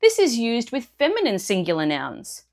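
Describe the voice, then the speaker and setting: A woman speaks as a language teacher in a scripted lesson, walking through each point clearly and step by step. Her voice sits a bit high and swings widely up and down as she explains. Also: wildly swooping pitch, normal speed, a little mellow.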